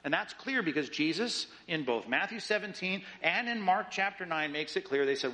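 A man preaching a sermon in an animated way, acting out the voices of doubters as he reads and explains scripture. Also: high-pitched, moderate pace, low-quality recording. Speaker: pastor.

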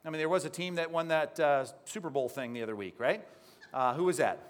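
A male pastor preaching a sermon, lively and teaching, often putting questions to the congregation. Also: on the high side, brisk.

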